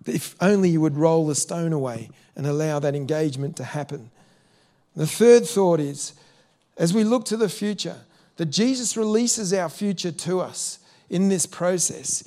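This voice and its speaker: High-voiced male preacher. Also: normal speed, warm tone. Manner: earnest, repeats words, asks the listeners direct questions. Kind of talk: sermon.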